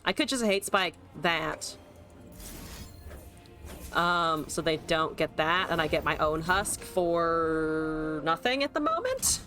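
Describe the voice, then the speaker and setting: A young adult woman streams herself playing a card game, giving animated live commentary as she swears, laughs and reads chat aloud to answer it. Her voice is deep and slow, with faint music in the background.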